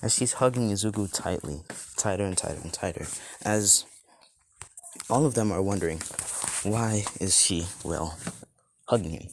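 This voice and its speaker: A man's voice: low voice, moderate pace, long pauses, a little hiss or hum. A man improvising a fan-fiction story, rambling with lots of fillers and restarts.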